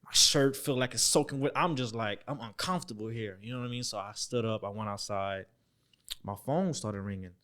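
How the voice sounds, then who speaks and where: A young man telling a story as a podcast guest, acting out the voices he quotes, dropping to near-whispers and then jumping up loud. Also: on the low side, brisk. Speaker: podcast guest, former football player. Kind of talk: storytelling in a casual interview.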